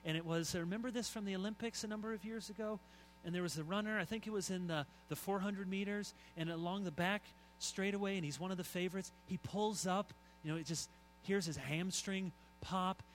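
A middle-aged man preaching a sermon, telling stories and swinging from soft asides to loud emphasis. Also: high voice, a little fast, slight background noise, poor audio. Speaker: pastor.

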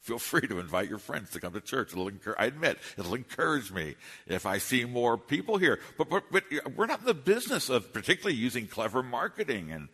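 Male pastor preaching, bright lively delivery, emphatic restarts, long hall reverb. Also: mid-range voice, brisk, husky. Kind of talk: expository sermon. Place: church sanctuary.

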